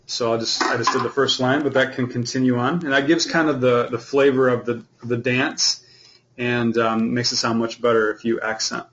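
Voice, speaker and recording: A man teaching an online beginner fiddle class, explaining in a relaxed way with lots of fillers. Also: medium pitch, normal speed, dull audio, a little hiss or hum.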